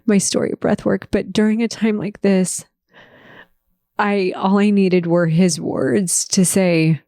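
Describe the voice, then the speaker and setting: A woman hosts her podcast and shares a personal story in a heartfelt, faith-focused way. She speaks slowly, with a gravelly edge to her voice. The sound is close and dry. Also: medium pitch, flat delivery, dark tone, no echo. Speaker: podcast host.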